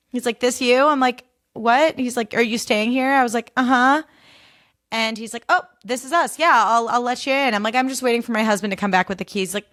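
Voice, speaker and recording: A young American woman hosts a podcast, casually telling a story and acting out other people's lines with big pitch jumps. She's animated and says "like" a lot, and the clean studio recording has no room sound.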